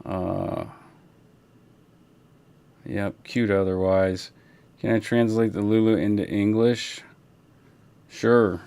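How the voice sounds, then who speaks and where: Slow, relaxed man chatting on a livestream. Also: lowish voice, creaky, clear, resonant tone. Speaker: livestream host. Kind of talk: casual livestream chat. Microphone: broadcast console setup.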